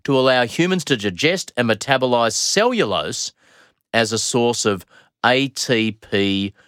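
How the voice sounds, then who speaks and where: Man, podcast host, playful questioner, animated pitch, dry sound. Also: measured pace, clean tone, no echo. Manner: playful, asks questions for listeners. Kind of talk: casual science podcast chat.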